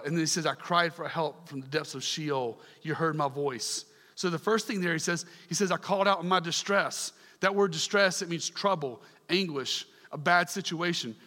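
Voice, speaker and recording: A man preaching a sermon, earnest and emphatic, swinging from fervent calls down to soft, quiet asides. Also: fairly high pitch, big-room sound.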